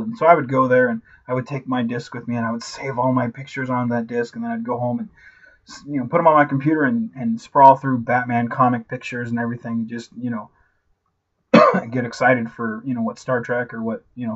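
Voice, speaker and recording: A man in his thirties giving a casual, ranting movie review, animated and profane, constantly saying "like" and "you know". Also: mid-range voice, brisk, lo-fi sound. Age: 30s.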